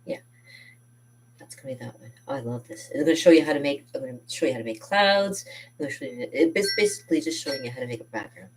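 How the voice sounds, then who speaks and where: An art teacher with a rumbling low voice chats casually and enthusiastically while showing kids' painting projects, talking quickly and animatedly with lots of fillers and self-corrections. She's far from the mic, and there's a little hiss or hum.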